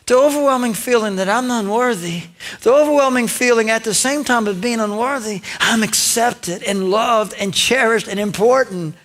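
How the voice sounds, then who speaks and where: A male pastor preaching a sermon in a lively storytelling way, acting out lines and talking directly to his congregation. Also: extremely high pitch, moderate pace. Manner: conversational asides to the congregation.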